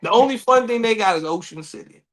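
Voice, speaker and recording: Dc area guy, high bright voice, all over the place, swears a lot, doing loud voices of other people. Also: expressive, fast. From Washington DC area. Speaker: podcast co-host. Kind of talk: casual chat.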